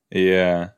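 A man hosting a podcast, chatting casually as he reacts to a TV episode, easily amused and quick to gasp and laugh. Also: low voice, clean tone.

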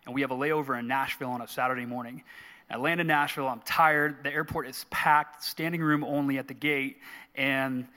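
A man, a guest on a faith show, telling a personal story in an earnest, animated way. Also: mid-range voice, fairly quick. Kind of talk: storytelling in a live interview. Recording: long hall reverb.

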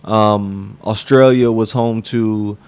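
A man's voice: lowish voice, fairly even intonation, slow pace, a little mellow, clear, resonant tone. A man co-hosting a comedy podcast, teasing dryly and rambling through jokes. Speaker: podcast co-host. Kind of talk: casual comedic chat.

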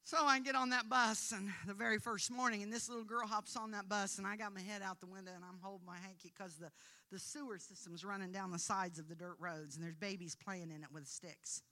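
Bright-voiced woman telling a sermon story. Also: mid-range voice, steady tone, a little fast. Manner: storytelling, rising to emphatic preaching peaks, laughing at herself. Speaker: preacher. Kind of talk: sermon testimony.

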